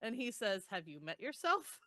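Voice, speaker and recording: A woman co-hosting a podcast, casually retelling book chapters with groans, laughs and animated quotes. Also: medium pitch, moderate pace, no echo. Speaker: podcast co-host. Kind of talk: casual book recap chat.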